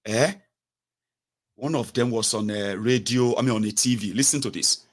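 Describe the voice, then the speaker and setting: A man's voice: fairly low pitch, moderate pace. A Nigerian man with an accent mixing Yoruba and pidgin words, giving mocking political commentary full of exclamations and rhetorical questions.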